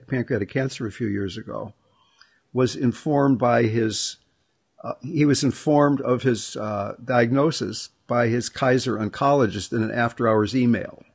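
A middle-aged man with a husky, slightly rough voice hosts a reflective conversation. He talks thoughtfully and without hurry, working through personal stories at an even middle pitch. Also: normal speed.

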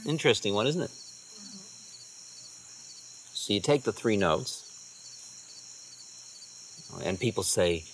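A man giving a storytelling talk as a spiritual teacher, relaxed and conversational, often dropping into quiet asides. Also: on the low side, takes it slowly, long pauses, slight background noise.

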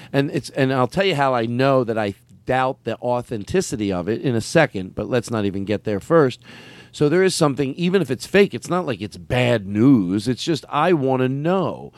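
A man hosting a casual chat, rambling and animated, with many restarts. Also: mid-range voice, no echo.

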